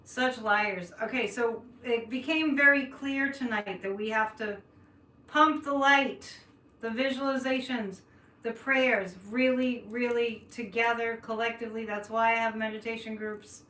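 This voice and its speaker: On a livestream, a psychic woman with a light Boston accent reads cards, chats with her audience, laughs frequently, and thinks out loud. Her voice is fairly high, sharp, and fairly even in intonation, and she speaks unhurriedly. The audio is echoey and faintly noisy, picked up from a distant mic.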